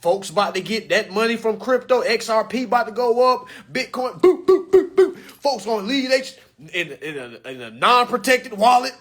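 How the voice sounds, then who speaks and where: Loud husky man ranting to camera. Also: high voice, expressive, moderate pace. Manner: loud, joking, slangy, addresses viewers as y'all. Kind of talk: animated rant to camera.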